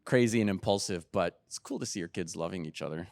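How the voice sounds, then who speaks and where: A middle-aged man giving a keynote talk, telling lively family anecdotes and acting out what people said. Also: deep voice, fast talker, gravelly, no room sound. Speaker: keynote speaker. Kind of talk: storytelling talk.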